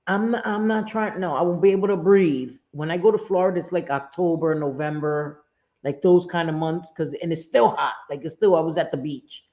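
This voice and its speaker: A woman's voice: low voice, brisk, warm tone, lo-fi sound. A woman hosting a casual livestream, talking straight to her viewers, often repeating herself and saying "um". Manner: repeats phrases, many "um" fillers, speaks straight to viewers. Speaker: livestream host.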